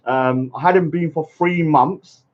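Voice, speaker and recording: A man chatting casually on a live stream, rambling and halting with many fillers and greeting viewers by name. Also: on the high side. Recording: muffled lo-fi stream audio.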